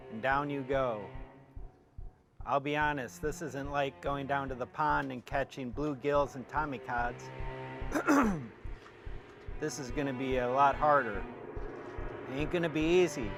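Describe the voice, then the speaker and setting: A man voicing a gruff male shark hunter in his own plain, flat reading voice, wooden and hesitant, with no accent. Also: medium pitch, close to an everyday voice. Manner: hesitant, wooden, loses the lines.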